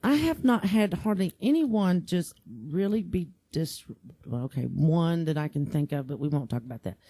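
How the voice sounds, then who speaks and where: Mellow-voiced woman police chief guest. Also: lowish voice, lively intonation, normal speed, dry recording. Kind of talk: casual conversation. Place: studio.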